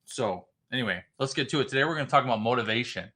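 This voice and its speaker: Middle-aged male business mentor, livestream host, bright and forceful, high-energy preacher-style pep talk. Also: animated, rapid-fire, hardly any pauses. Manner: fired-up, shouts greetings to chat viewers, swings loud and quiet.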